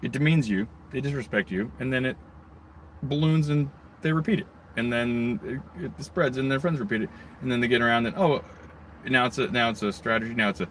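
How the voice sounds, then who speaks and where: Ranting, swearing man with a forceful voice. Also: on the low side, slight background noise. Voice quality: rambling, heavy swearing, mocking asides. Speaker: video blogger. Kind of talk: angry profane rant.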